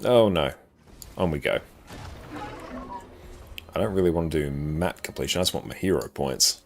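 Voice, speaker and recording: A man with a South Australian accent giving casual live commentary while playing a game and reading chat, with relaxed, dry joking asides. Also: rumbling low, normal speed.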